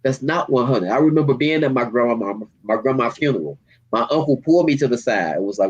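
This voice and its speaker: A man, a community activist, speaking with deep emotion and street slang in an interview, near tears. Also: animated, fast talker, slightly rough, lo-fi sound. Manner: heartfelt, storytelling, street slang. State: holding back tears.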